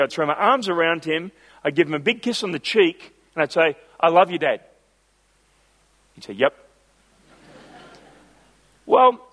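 A middle-aged man, preaching a sermon with personal stories and slowing down hard on key lines. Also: on the high side, fairly bright tone. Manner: builds to emphatic, slowed phrases on key lines.

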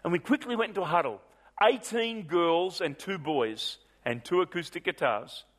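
Middle-aged male preacher, high pitched, lively storyteller from the pulpit. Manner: animated storyteller, swings from brisk to drawn out. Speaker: pastor. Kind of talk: sermon storytelling.

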